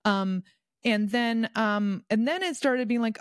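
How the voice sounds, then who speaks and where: A woman's voice: on the high side, measured pace, clean tone, no room sound, clean studio sound. A woman coach talking casually in an interview, chatty, with frequent laughs and fillers. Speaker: guest, personal development coach.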